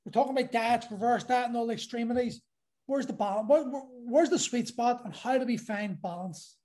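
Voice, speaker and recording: Mellow relaxed podcast host. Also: mid-range voice, fairly quick. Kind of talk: casual podcast interview.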